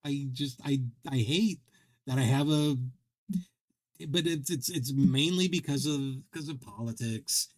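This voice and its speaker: A man's voice: medium pitch, unhurried. A man hosting a game livestream who tells long, rambling, self-deprecating stories, restarting his sentences often. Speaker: livestream host. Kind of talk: casual chat while streaming a game.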